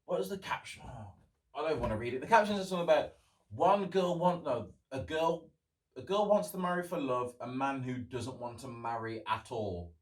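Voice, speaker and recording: A man's voice: medium pitch, expressive, normal speed, recorded from a distance. A young man hosting a casual solo podcast, rambling and chatty and swearing freely. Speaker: podcast host. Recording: roomy, off-mic sound.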